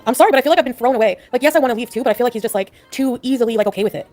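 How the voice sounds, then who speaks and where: A woman's voice: fairly high pitch, rapid-fire, a little mellow, faint music behind. A woman talking in a casual live chat, upset and rambling with lots of "like"s. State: distressed. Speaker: livestreamer.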